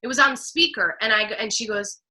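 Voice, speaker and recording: Lively, bright-voiced woman telling a story. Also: a little high, fairly quick. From New Jersey. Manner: expressive, laughs often, acts out quotes. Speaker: guest, speaker. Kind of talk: animated personal storytelling.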